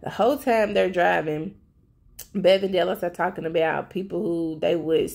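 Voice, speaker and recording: Gravelly-voiced woman recapping a show. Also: lowish voice, normal speed. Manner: chatty, addresses viewers directly; animated storytelling. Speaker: TV recap vlogger. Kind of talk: casual episode recap.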